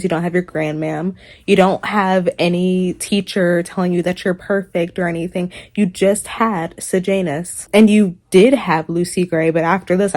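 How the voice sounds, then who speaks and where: A woman's voice: medium pitch, mellow. Young woman book vlogger, ranting and exasperated, laughs a lot, voice sits mid-range. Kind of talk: casual reaction vlog.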